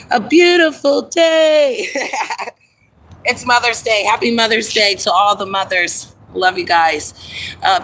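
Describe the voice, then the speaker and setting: A woman hosting a casual livestream from her phone, chatting in an animated way and greeting viewers by name. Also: mid-range voice, slight background noise, poor audio. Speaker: livestream host.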